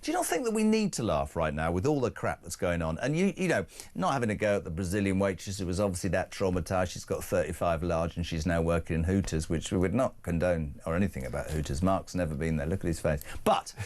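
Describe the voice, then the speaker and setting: A man's voice: low voice, lively intonation, quick pace, hardly any pauses, a little mellow. A man with an English accent hosting a breakfast talk show, blunt and indignant, with joking asides. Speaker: radio and TV breakfast show host. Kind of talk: opinionated talk radio chat.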